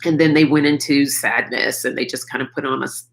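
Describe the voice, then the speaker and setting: A woman's voice: extremely low pitch, fairly even intonation, a little fast, creaky, rough recording. A middle-aged woman hosting a live chat, talking frankly and personally about her feelings and swearing freely. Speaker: livestream host.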